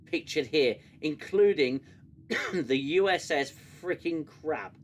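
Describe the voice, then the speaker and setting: A man's voice: on the high side, lively intonation, takes it slowly. A British man hosting a live review stream, ranting sarcastically and swearing freely. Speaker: show host.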